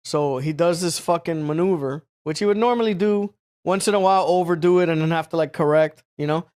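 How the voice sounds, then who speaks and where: Host, male, high pitch, rambling profane anecdote with lots of "like" and acted-out bits. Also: fairly quick. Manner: rambling, profane, full of filler words; animated, acts out other people. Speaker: podcast host. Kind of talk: casual storytelling.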